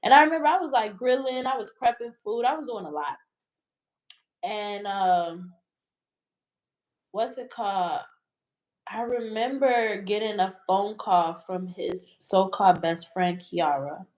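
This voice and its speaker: A woman's voice: mid-range voice, lively intonation, measured pace, low-quality recording. A woman being interviewed, telling a personal story in a rambling, emotional way with many fillers. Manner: rambling, emotional retelling full of "like". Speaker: interview guest.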